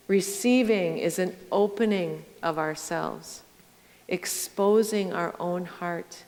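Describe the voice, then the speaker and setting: A middle-aged woman pastor giving a sermon, telling stories slowly and reflectively and speaking straight to her congregation. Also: on the low side, a little mellow. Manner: slow, reflective storytelling with direct address to the congregation. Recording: long church reverb.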